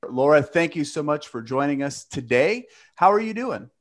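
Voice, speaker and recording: A man hosting a podcast interview, asking friendly, deliberate questions. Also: on the high side, sing-song. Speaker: podcast host. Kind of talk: casual interview.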